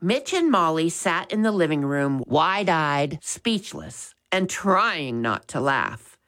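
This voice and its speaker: Woman, storybook read-aloud, gentle, expressive, slow, lively pitch. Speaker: narrator. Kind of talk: storybook reading.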